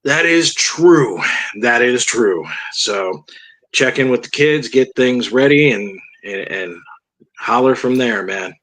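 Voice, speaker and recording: A man talks as a podcast guest in relaxed, casual chat. He comes across as easygoing and happy to keep talking. His voice sits at an ordinary middle pitch. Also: takes it slowly. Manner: easygoing, talkative.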